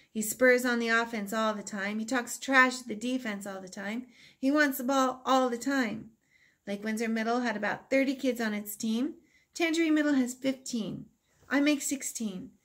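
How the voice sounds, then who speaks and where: Woman, teacher, reading a chapter book aloud, steady, slightly high voice. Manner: steady storytelling, plain delivery. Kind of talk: read-aloud narration.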